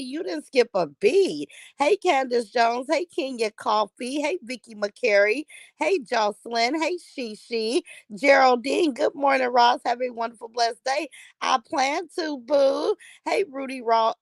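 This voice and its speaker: A woman with a high voice hosts a casual livestream from home and greets her viewers one after another. She chats warmly with them and calls them by pet names. The sound is dry and close, as if spoken straight into a phone. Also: creaky, no room sound. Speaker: livestream host.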